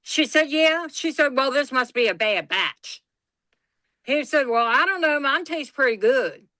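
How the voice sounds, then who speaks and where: A woman tells a family story over casual chat. Her voice is bright and a little high, and she acts out everyone's lines and swears freely. The recording is close and dry. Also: animated, unhurried, no echo. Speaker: guest storyteller.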